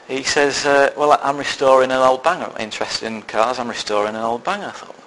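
A lay preacher delivers a sermon, recounting a personal story with dry, self-deprecating humour before moving to a serious point. His mid-range voice is brisk and a little bright, and the recording is rough.

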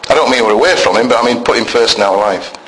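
A man's voice: mid-range voice, quick pace, fairly bright tone, a little hiss or hum. Emphatic male preacher in an echoey church. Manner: emphatic, conversational, asks the congregation questions. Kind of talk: sermon. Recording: echoey church room with faint ambience.

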